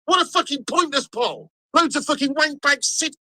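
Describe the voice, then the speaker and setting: High-pitched sweary man ranting. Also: expressive, normal speed, sharp tone, no echo, rough recording. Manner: angry, swearing rant. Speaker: football fan streamer. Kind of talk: live watch-along rant.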